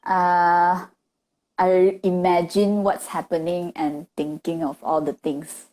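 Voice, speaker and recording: A woman's voice: on the low side, flat delivery, slow, darkish tone, rough recording. A woman student singer answering her coach in an online masterclass, hesitant and searching for words, often giggling. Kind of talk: masterclass discussion. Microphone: video call.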